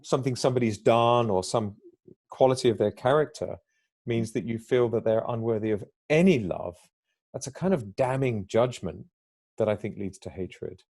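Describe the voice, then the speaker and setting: Podcast guest, male, mellow dark tone, reflective explainer. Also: mid-range voice, moderate pace. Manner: reflective, explains ideas at length, acts out little quoted exchanges. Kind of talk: conversational podcast talk.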